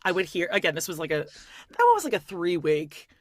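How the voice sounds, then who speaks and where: A woman co-hosting a chatty podcast, her voice sitting fairly low. She tells stories with a sarcastic, eye-rolling edge. The sound is dry and close, with no room around her. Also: wildly swooping pitch, fairly quick, dry recording. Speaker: podcast co-host. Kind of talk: casual chat.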